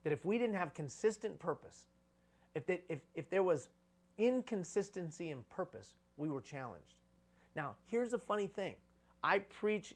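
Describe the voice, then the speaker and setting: A man's voice: high-pitched, sing-song, normal speed. A man giving a live conference talk on leadership, preaching with repeated phrases for emphasis.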